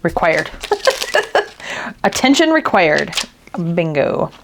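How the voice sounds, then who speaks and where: A woman's voice: on the low side, wildly swooping pitch, extremely slow, gravelly, background noise. A woman hosting a crafting video, chatting casually and thinking aloud as she works, with a tickle in her throat. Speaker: crafting channel host.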